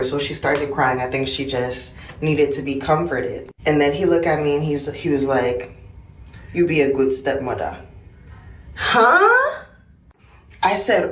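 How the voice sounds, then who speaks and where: Lively woman telling a story in an echoey room. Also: low-pitched. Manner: animated, acts out quoted voices. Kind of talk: casual anecdote. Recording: echoey room, mic far off.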